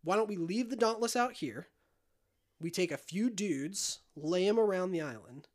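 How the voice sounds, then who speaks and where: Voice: animated, moderate pace, darkish tone, close to an everyday voice. Scheming male pirate captain, persuasive and easygoing, put on by a casual podcaster. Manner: laid-back persuasive pitch, casual slang.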